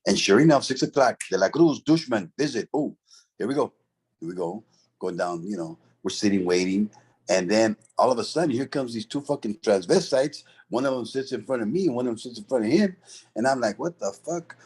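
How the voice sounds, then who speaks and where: A man's voice: medium pitch, expressive, a little fast, a little mellow, husky. A middle-aged man, telling a story from his past in a casual, profane, streetwise way, full of "bro" and "right?". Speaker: interview guest, former convict.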